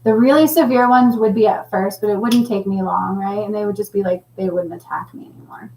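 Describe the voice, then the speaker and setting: A middle-aged woman hosting a casual livestream, chatting and reading viewer comments with a laughing, animated manner. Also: mid-range voice, a little fast, roomy sound, slight background noise, rough recording. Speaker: livestream host.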